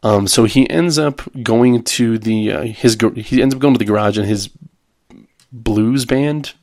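A man's voice: medium pitch, a little slow, darkish tone, no room sound, studio quality. A man hosting a podcast, casually retelling a TV episode in a rambling way, with frequent ums and restarts. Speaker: podcast host.

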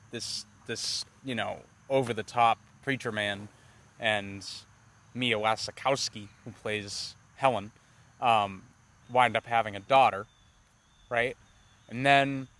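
A man's voice: on the low side, a bit bright. Profane, rambling man in casual chat. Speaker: podcast co-host. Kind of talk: casual movie review chat.

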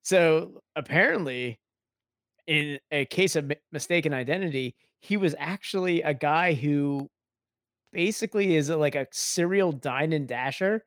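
Man podcast co-host, slightly high voice, dry close sound, easy laughter. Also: a little slow, fairly bright tone, dry recording. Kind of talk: casual podcast chat.

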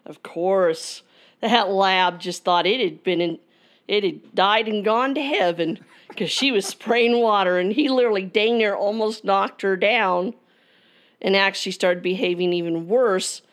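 A woman's voice: medium pitch, measured pace. A woman co-hosting a casual chat, rambling through anecdotes and jokes. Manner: rambling storyteller, tells jokes.

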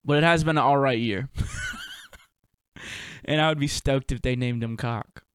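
A man's voice: medium pitch, moderate pace, clean tone, no room sound. A young man hosting a solo podcast, musing in a loose, profane, laid-back way full of slang and fillers. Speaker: podcast host and touring performer. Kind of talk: rambling solo podcast monologue.

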